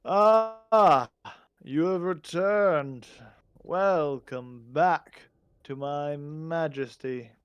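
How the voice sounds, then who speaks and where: A man's voice: fairly high pitch, clean tone, dry recording, pitched above the performer's own voice. A man playing a pompous goblin king, drawn out and grand. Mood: welcoming. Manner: grandiose, drawn-out regal speech.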